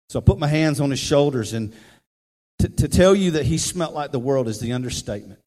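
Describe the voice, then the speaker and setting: Male pastor, mid pitch, chatty storytelling sermon, echoing hall. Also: brisk. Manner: conversational, animated storyteller. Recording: reverberant hall, faint music.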